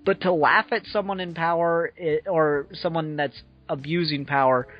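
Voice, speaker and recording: Man, podcast co-host, measured and pausing, muffled recording with faint music. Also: a little high, fairly even intonation. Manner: measured, hesitant with many ums. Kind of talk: casual chat.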